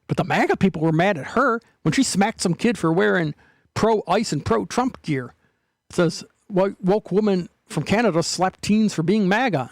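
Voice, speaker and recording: A man's voice: high-pitched, no echo, studio quality. A man hosting his own show, making sarcastic jokes while reading news headlines aloud. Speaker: show host. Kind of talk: casual commentary on news clips.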